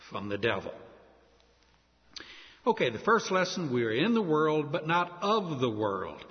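A man delivers an expository sermon, walking through scripture with friendly, conversational asides. His voice sits a bit high and moves animatedly up and down. The sound is dull and lo-fi, with a long reverb trailing off as if in a large hall. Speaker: preacher.

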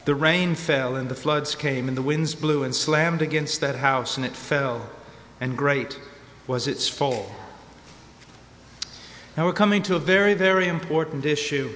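Preacher: American man, high tenor, emphatic sermon delivery, big echoing hall. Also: unhurried, fairly bright tone, slight background noise. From United States. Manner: emphatic, varies pace, repeats for stress. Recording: long hall reverb.

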